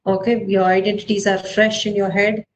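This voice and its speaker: A woman teaching an online math class, brisk and directive, checking on her students as she goes. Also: medium pitch, little pitch movement, slight background noise, poor audio.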